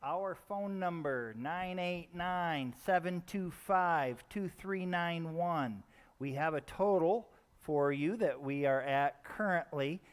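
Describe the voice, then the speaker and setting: Slow, smooth-voiced fundraiser host man. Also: on the high side. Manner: measured, reads out numbers carefully. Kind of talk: telethon announcements.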